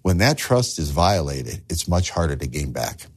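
A man's voice: rumbling low, very animated, moderate pace. A man preaching a sermon as a pastor, earnest, asking the listeners rhetorical questions and repeating words as he starts phrases.

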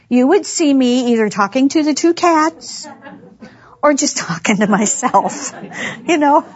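A woman gives a humorous, chatty devotional talk to women, laughing often as she tells stories. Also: sits high. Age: 60s. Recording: dull lo-fi recording.

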